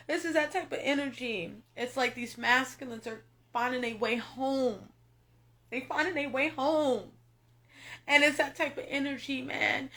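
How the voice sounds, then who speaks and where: A young woman with a high-sitting, fairly bright voice gives a casual spiritual tarot reading. She speaks right to her viewers, emphatic and repetitive, full of profanity, and at moments she is near tears.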